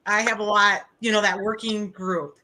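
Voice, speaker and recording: Halting woman podcast host. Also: medium pitch, level tone, noisy background. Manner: hesitant, halting with restarts. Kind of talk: casual interview chat.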